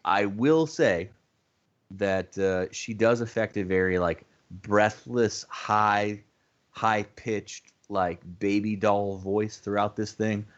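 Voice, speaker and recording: A man with a fairly low voice talks through a film plot in a loose podcast chat. He is quick and animated and drops the odd swear. The audio is a little dull and lo-fi. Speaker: podcast co-host. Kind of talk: casual movie review chat.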